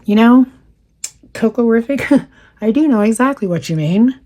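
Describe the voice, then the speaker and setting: This woman in her fifties talks in a warm, mellow tone as she chats through viewer comments in a casual craft vlog. Her voice sounds slightly worn, and she laughs easily between thoughts. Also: on the high side, expressive, normal speed. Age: 50s. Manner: chatty and warm, laughs often. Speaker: craft channel host. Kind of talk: casual chat while stitching, reading viewer comments.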